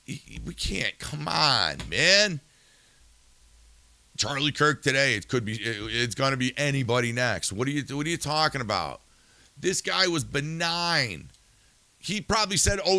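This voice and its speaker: A man's voice: medium pitch, pushed and bright, no room sound. A male podcast host in a profane ranting monologue, angry and swearing, firing rhetorical questions and then turning subdued and somber.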